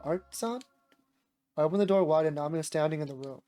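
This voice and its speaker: Man, slightly high voice, sore voice, measured story reading, visual novel narration, faint background music. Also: mellow, clear, resonant tone. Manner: measured, deliberate reading with sudden reactions. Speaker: streamer.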